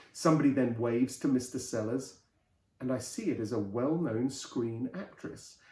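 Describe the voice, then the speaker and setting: A host reads an old novel aloud in a lively storytelling style, his mid-range voice mellow and warm. The room is roomy, leaving a clear echo around him.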